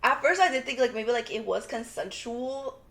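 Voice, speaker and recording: Young woman, podcast co-host, casual rambling recap, lots of "like", voice a touch on the high side. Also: normal speed, gravelly. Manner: rambling, animated retelling, constant "like" fillers. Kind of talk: casual chat recapping a TV drama.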